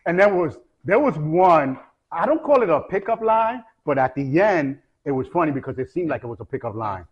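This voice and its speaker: A man hosting a casual chat show, telling stories with lively, acted-out quotes. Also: a little high, a little fast, highs cut off. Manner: animated storyteller acting out quoted voices. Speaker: show host.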